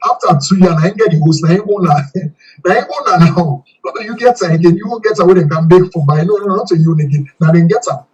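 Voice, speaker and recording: A man's voice: high voice, fast talker, darkish tone, breathy edge, distant mic, dull audio. A man with a Sierra Leonean accent, giving a fiery interview and repeating himself when angry. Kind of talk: impassioned interview.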